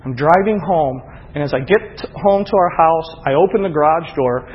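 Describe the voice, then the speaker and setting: Pastor, male, slightly high and husky, sermon from quiet story to emphatic preaching, muffled hall recording. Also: normal speed. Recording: dull, echoey hall audio.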